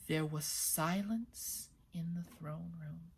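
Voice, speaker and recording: A woman storyteller narrating a folktale for young listeners. Her delivery is expressive, shifting between lively and hushed. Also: on the low side, measured pace. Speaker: children's storyteller.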